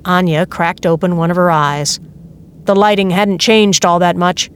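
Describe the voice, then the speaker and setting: A woman reading a novel aloud as narrator, in a steady, measured way. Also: on the low side, clear, resonant tone. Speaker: audiobook narrator. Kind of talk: scripted narration.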